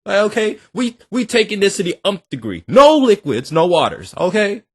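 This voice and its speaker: A man hosting a reaction video, talking in animated, joking, slangy banter. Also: high voice, normal speed, dry recording. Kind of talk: casual reaction commentary.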